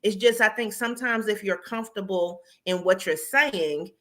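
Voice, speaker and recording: A woman's voice: medium pitch, normal speed. New york lady hosting a chat show, loose and slangy, bit sarcastic. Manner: conversational, uses slang and sarcasm, animated storytelling. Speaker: podcast host. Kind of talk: casual interview chat.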